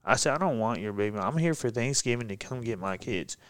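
A man telling a personal story on a podcast, casual and profane, getting heated and animated as he recounts it. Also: medium pitch, fairly quick, smooth, dry recording. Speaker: guest, pro MMA fighter.

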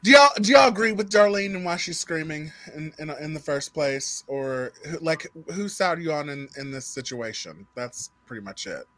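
A man with a high voice talks in a sassy, blunt way, swearing freely as he weighs in. The sound is close and dry. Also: animated, normal speed, few pauses, fairly bright tone, no room sound, poor audio. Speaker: reaction show host. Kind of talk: casual commentary.

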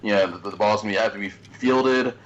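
A man's voice: on the low side, fairly quick, fairly bright tone, dull audio. A man co-hosting a podcast, thinking aloud in casual chat with many hesitant restarts. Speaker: podcast co-host.

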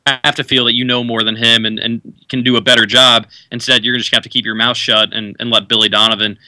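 Bright-voiced young radio sports host. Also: male voice, mid-range voice, fast talker, dry recording. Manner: relaxed, chatty, many fillers and restarts. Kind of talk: casual sports radio talk. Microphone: studio mic.

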